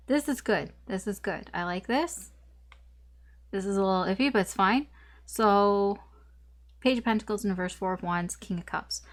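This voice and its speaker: A woman giving a casual tarot reading, talking in a rambling, chatty way full of fillers and the odd swear word. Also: medium pitch. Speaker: tarot reader.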